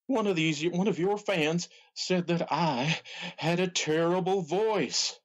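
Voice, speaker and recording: Man doing announcer impression, drawling, halting delivery, colorful insults, comedy podcast. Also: high voice. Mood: indignant. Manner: hesitant, drawn-out, colorful put-downs. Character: folksy Southern wrestling announcer, blustery, easily riled.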